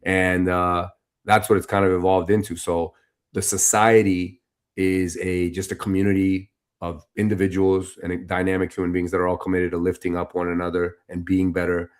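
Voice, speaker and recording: A man with a low, deep voice, speaking as a podcast guest. He tells his story casually and with energy, leaning on easy filler phrases as he goes. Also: normal speed. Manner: animated, loose and conversational, full of "you know" and "like".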